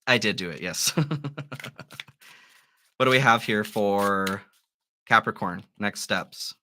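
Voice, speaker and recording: A man with a bright, forceful tone hosts a live tarot stream. He muses over each card aloud and encourages his listeners gently. His voice sits on the lower side. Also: expressive, takes it slowly, a little hiss or hum. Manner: musing, gently encouraging, with soft laughs. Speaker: tarot reader.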